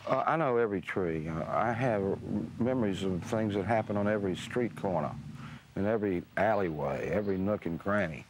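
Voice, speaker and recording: A man's voice: on the low side, noisy background. Musing middle-aged man. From Mississippi, US. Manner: slow, musing, with frequent uh and restarts. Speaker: author interviewed. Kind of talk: reflective storytelling interview.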